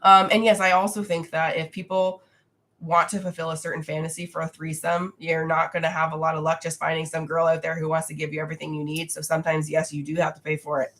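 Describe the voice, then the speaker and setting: A woman's voice: sits low, flat delivery, fast talker, fairly bright tone. A young adult woman hosting a casual livestream Q&A from home, talking frankly and reading viewer comments aloud, her voice congested and nasal from a recent cold. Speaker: livestream host answering viewer questions.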